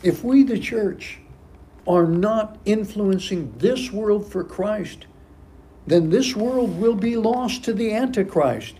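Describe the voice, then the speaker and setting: Male pastor, sermon, dark warm tone, emphatic repetition, faint background hiss. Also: high voice, takes it slowly. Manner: emphatic, repeats key phrases for stress. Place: church sanctuary.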